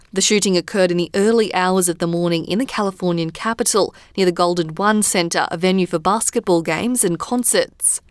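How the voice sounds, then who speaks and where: A woman presents a radio news bulletin, her delivery measured and even. Her voice sits in a middle register and is recorded close and dry in a studio booth. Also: mid-range voice, no echo. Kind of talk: scripted news bulletin reading.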